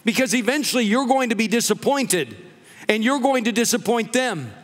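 A man preaches to his congregation, and his voice sits high for a man. He moves through jokes and personal stories in an easy, conversational way. His words ring out with a long reverb in a church hall. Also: expressive, moderate pace, a bit bright. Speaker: pastor. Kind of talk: humorous sermon. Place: church sanctuary.

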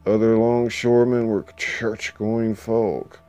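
A man's voice: on the low side, level tone, slow, mellow, clear, resonant tone. A man narrating a story in a dramatic, emphatic audiobook style. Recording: faint background music.

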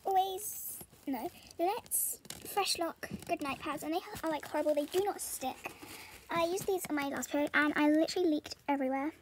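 Very high, soft-spoken British teen girl. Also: moderate pace. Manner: soft-spoken, rambling and giggly. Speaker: vlogger. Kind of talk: casual vlog chat. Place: bedroom floor strewn with stationery. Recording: clear crinkling and rustling noise.

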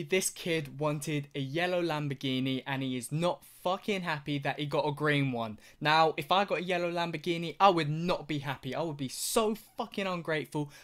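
A man's voice: a little high, a bit bright. A young man hosting a reaction video, ranting with plenty of swearing and exaggeration. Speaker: YouTuber.

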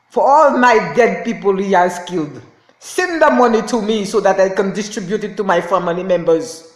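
A woman's voice: medium pitch, roomy sound. A woman speaking as a self-styled prophetess in an impassioned, repetitive rant to camera, laughing in anger. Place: indoors, lying on a floor.

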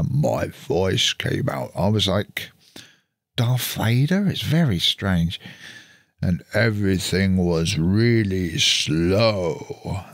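A man's voice: low voice, dry recording. A man chatting casually as he walks through a computer setup on screen, thinking aloud as he works, recorded on a studio mic through an audio interface. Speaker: channel host.

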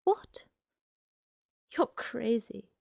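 A woman voicing a frightened but defiant teenage girl who answers in sharp retorts. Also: drawn-out words, no echo, whispered, clean studio sound. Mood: scared, defiant.

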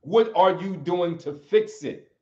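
The speaker is an American man, a livestream host and martial arts teacher, whose high-pitched voice moves slowly and carries a darkish tone. He preaches motivation emphatically, driving home key phrases repeatedly, in roomy, slightly muffled-sounding audio.

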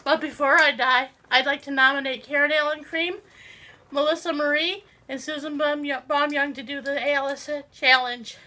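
A woman acting frightened in a spoof horror home video, gasping, whispering and shouting in the dark. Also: sits high, steady tone, moderate pace. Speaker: vlogger.

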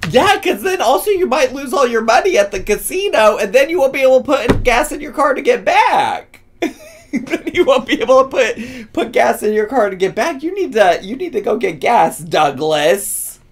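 A man's voice: extremely high pitch, sing-song, normal speed, slight background noise. A man hosting a casual reaction commentary, teasing and laughing often. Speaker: host reacting to videos.

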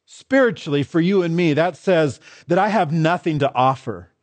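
A man's voice: on the high side, lively intonation, normal speed, dry recording. A man preaching a sermon as pastor, stressing and repeating his key phrases in contrasting pairs.

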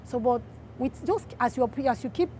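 A woman with a Nigerian accent giving a casual testimony, telling her story in a lively way and acting out the voices of the people in it. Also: a little high, normal speed, slight background noise. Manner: animated storyteller, acts out quoted voices.

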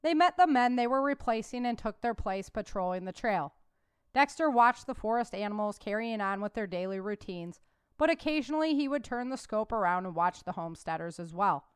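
A woman author narrates her novel in an even, measured storytelling voice, then talks about it casually. Her voice is smooth and clear, at a middle pitch. The recording is dry and close. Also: no echo. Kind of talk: audiobook narration and conversational commentary.

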